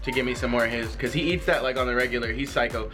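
A man's voice: mid-range voice, fairly even intonation, racing, over music. A young man co-hosting a casual home vlog, joking in laid-back banter at a table. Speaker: vlogger co-host.

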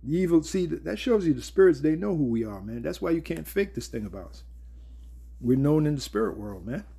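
A man teaches scripture in a loose, conversational way. His voice is husky and dark in tone. He restarts phrases and keeps checking in with his listeners. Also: fairly high pitch, sing-song, a little fast. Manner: conversational, repeats words, asks "all right?". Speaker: Bible teacher. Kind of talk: casual Bible teaching.

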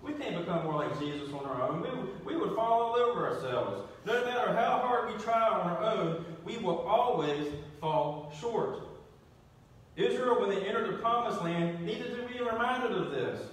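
A man's voice: sits high, big pitch swings, moderate pace. A man preaching a sermon as pastor, talking in a conversational way, asking the congregation questions and restarting with repeated words. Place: church sanctuary. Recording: echoey church, distant mic.

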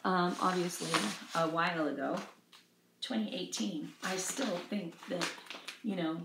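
A middle-aged woman with a low, gravelly voice talks through her supplies at home, chatty and self-deprecating. She trails off and laughs often, and the room around her rings with echo. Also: measured pace, background noise. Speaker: craft vlogger showing cross-stitch supplies. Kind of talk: casual rambling show-and-tell.

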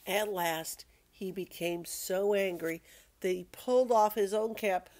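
An older woman reading a children's picture book aloud in a slow, playful, expressive way. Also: lowish voice.

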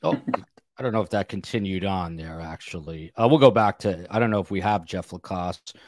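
A man's voice: sits low, a little fast, no echo, studio quality. A man with a New Jersey accent hosting a live panel discussion, moderating casually with lots of fillers. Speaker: podcast host.

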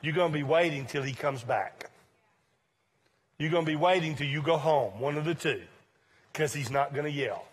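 A male pastor preaching a sermon to his congregation in a church, conversational and emphatic, swinging from loud points to quiet asides. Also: a little high, moderate pace, long pauses, slightly rough.

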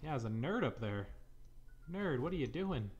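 A man's voice: medium pitch, very animated, normal speed, a little mellow, muffled recording, soft background music. A man casually commenting on a fan game, sarcastic, profane and irreverent. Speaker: let's play gamer. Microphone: desk mic.

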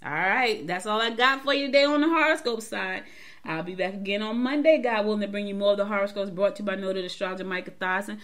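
A woman's voice: medium pitch, quick pace, a bit bright. Chatty woman hosting a morning show. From Georgia, US. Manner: chatty, emphatic, repeats herself, talks straight to listeners. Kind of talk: casual talk-show commentary.

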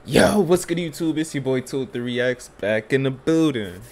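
A man's voice: mid-range voice, animated, normal speed. A young man hosting a YouTube reaction video, talking casually in heavy slang with blunt, scornful remarks. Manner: slangy, keeps tagging lines with "feel me".

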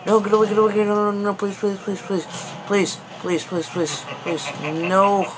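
A young man giving excitable, panicky commentary over a fighting game, pleading and yelling at it. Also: high voice, normal speed. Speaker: gaming video host. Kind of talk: gameplay commentary. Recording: noisy background.

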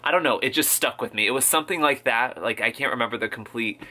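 Campy guy gushing about a movie on his vlog, bright edgy voice, swears a lot. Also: medium pitch, quick pace. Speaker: video blogger. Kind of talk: casual movie reaction vlog. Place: at home.

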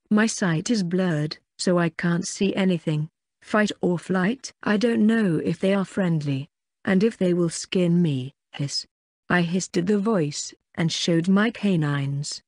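A woman narrating a first-person fantasy audiobook in an even, plain reading. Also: fairly low pitch, dry recording, studio quality.

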